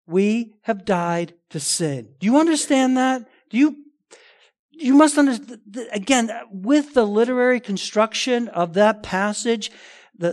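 A man delivering a sermon in a fairly high voice. He preaches emphatically, rising to forceful declarations and dropping to quiet asides. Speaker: pastor. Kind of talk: expository sermon.

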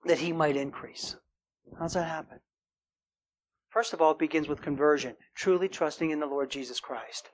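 A man's voice: fairly high pitch, moderate pace. Male preacher, casual sermon delivery, frequent "right?", earnest when quoting scripture. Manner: conversational, keeps asking "right?".

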